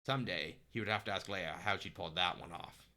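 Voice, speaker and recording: A man narrating a story aloud on a live stream, steady with small restarts. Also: deep voice, a little fast.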